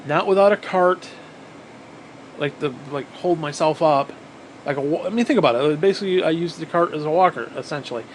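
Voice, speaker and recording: A man telling a story casually, animated, swearing often and repeating phrases for emphasis, sounding tired. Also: a little high, fairly quick, slight background noise, rough recording. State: physically exhausted.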